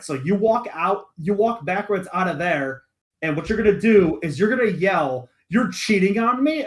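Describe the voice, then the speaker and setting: A young man on a podcast, casually telling a story full of swearing and acted-out voices. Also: a little high. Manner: animated, profane, acts out quoted voices. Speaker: podcast co-host.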